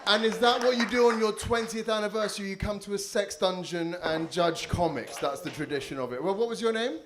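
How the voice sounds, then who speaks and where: A man's voice: high voice, brisk, over music. Cheeky man hosting live comedy. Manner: cheeky, crude, teasing banter with laughs. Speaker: comedy show host. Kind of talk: live stand-up crowd work. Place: live comedy venue with audience. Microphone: handheld stage mic.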